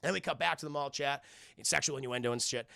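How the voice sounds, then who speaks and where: A man streaming a casual recap of a cartoon episode, excitable, swearing often and restarting his sentences as he talks to his chat. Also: medium pitch, fast, creaky, no echo, studio quality.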